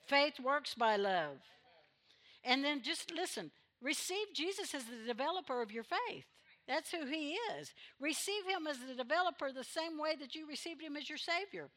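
Bright-voiced woman preaching with fervor. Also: sits high, lively intonation. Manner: emphatic preaching with sudden loud exhortations and quick asides. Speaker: pastor. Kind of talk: sermon. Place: church sanctuary.

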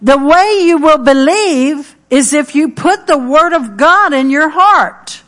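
Middle-aged woman preacher, earnest, emphatic, repeats key lines, voice sits a bit high. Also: expressive, slow pace, a bit bright. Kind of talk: sermon.

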